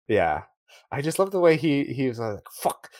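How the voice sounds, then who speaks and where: A man's voice: on the high side, a little mellow, dry recording, studio quality. A man co-hosting a podcast, chatting casually about a movie, rambling and laughing often. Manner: rambling, laughs often, acts out lines in a raised voice. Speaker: podcast co-host.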